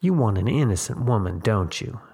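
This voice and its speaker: A scheming, toothless old countrywoman with a drawl, as a male narrator puts her on. She coaxes and wheedles in a folksy way, her voice gravelly and husky beneath a lifted pitch. It is a storybook reading. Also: lively intonation, normal speed, dark tone. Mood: wheedling. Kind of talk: audiobook character voice.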